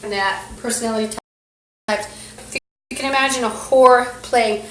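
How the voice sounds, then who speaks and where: A woman's voice: fairly high pitch, fairly even intonation, moderate pace, long pauses, fairly bright tone, reverberant, slight background noise, poor audio. A woman on a phone live stream, talking in an agitated, rambling monologue full of profanity. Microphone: phone streaming app.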